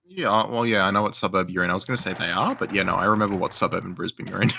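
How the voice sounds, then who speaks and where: A man's voice: low-pitched, creaky, bright, forceful tone. A man in casual chat who often stops and restarts his sentences. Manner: halting, restarts often, joking.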